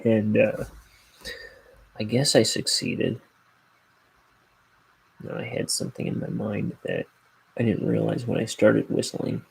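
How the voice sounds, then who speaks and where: A man's voice: lowish voice, little pitch movement, a little slow, gravelly, long pauses, slightly rough, rough recording. A man casually chatting while he inks his drawings, rambling and self-deprecating, trailing off into mumbles. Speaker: artist streaming his inking work.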